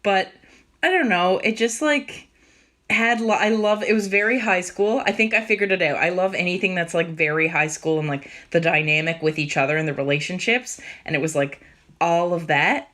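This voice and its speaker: A woman co-hosting a casual podcast chat, enthusiastic and quick to laugh. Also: fairly low pitch, a bit bright. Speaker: podcast co-host.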